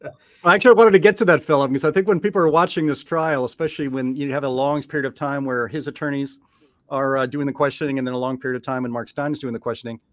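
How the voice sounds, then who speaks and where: A man's voice: medium pitch, fairly even intonation, fast talker, fairly bright tone, no room sound. Chatty man host, dry close sound. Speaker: show host. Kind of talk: casual discussion.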